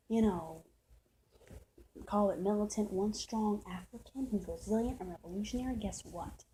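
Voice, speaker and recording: Woman vlogger, heated to-camera monologue, swears freely, mid-pitched, mellow timbre. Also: a little hiss or hum, poor audio. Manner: heated, preachy, profane, repeats points. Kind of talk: impassioned rant to camera.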